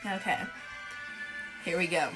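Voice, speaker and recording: A woman's voice: fairly low pitch, measured pace, fairly bright tone, soft background music. A young woman chatting casually and playfully during a guessing game, giggling often. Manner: giggly, playful, reads prompts aloud. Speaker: co-host playing a guessing game. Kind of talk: casual chat.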